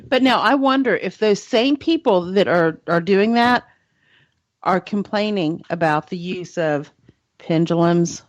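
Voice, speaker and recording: Low-voiced woman, dry lo-fi radio. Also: expressive, unhurried, no room sound. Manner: chatty, explanatory. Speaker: radio show co-host. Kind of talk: casual radio chat. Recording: dull, dry radio sound.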